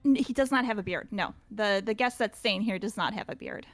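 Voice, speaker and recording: A woman's voice: medium pitch, a little fast, a bit bright, no room sound, faint music behind. A woman narrating as game master in a tabletop role-play, hesitant and full of fillers. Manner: hesitant, full of ums, laughing easily.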